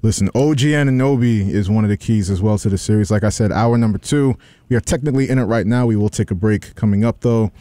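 A man's voice: fairly low pitch, quick pace, mellow, dry recording, studio quality. A man from New York hosting a casual talk show, announcing the segments in an upbeat way. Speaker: show host. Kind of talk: casual podcast chat.

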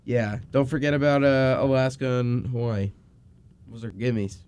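A man's voice: medium pitch, steady tone, moderate pace, darkish tone, smooth, dry recording. A man hosting a casual quiz, teasing the players and laughing often. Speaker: quiz host. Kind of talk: casual chat.

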